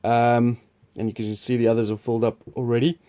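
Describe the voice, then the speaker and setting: A man's voice: mid-range voice, level tone, fairly quick, dark tone. A man hosting a board game preview, explaining the game in a rambling, chuckling, casual way. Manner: rambling, chuckling, restarts sentences.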